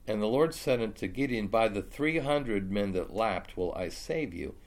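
A man's voice: fairly low pitch, animated, normal speed. A man teaching a Bible study, reading scripture aloud and then explaining it casually.

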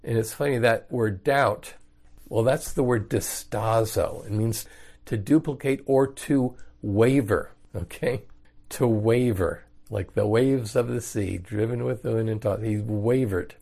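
A man's voice: on the low side, unhurried, gravelly, warm tone. A man teaching the Bible verse by verse in a casual, conversational way, reading passages and explaining them in everyday words.

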